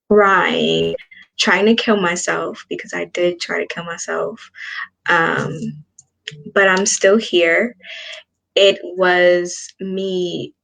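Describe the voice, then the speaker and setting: A woman in her twenties with a lowish voice tells her own story as an interview guest. She is earnest and frank, and she acts out the lines people said to her along the way. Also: steady tone, takes it slowly, gravelly, a bit bright. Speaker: spiritual coach guest.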